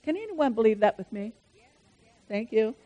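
A woman pastor preaches in a high, ringing voice. She moves fervently between loud declarations and hushed asides, speaking directly to her congregation. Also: sing-song, normal speed, highs cut off. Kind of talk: sermon.

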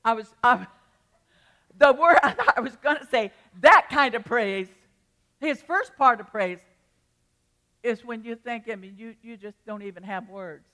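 Older lady pastor preaching, kinda high voice, rambly story with big emotional bursts. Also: measured pace, pauses often, bright, forceful tone. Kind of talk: sermon.

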